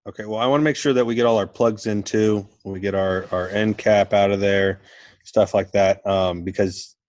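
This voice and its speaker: A man's voice: lowish voice, fairly even intonation, moderate pace, darkish tone. A man hosting a podcast, laughing along and keeping track of time. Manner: laid-back, laughing along, managing the time. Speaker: podcast host. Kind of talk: casual chat.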